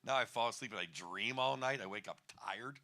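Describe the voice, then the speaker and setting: Man, fifties, stand-up comic, sharp bright voice, wry, rambling, chuckling. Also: medium pitch, a little fast. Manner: wry, rambling, chuckles at his own jokes. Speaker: stand-up comedian. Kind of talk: stand-up comedy set. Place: comedy bar stage.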